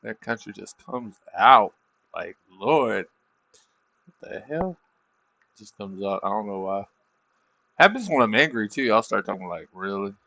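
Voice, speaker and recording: A man's voice: on the low side, expressive, moderate pace, gravelly, pushed and bright, dry recording. A middle-aged man livestreaming his trading, talking casually in a rambling, self-deprecating way. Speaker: livestreaming trader.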